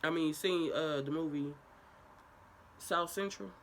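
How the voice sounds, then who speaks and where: A young woman vlogger telling a casual, profane story time in an animated way. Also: low-pitched, measured pace, slight background noise.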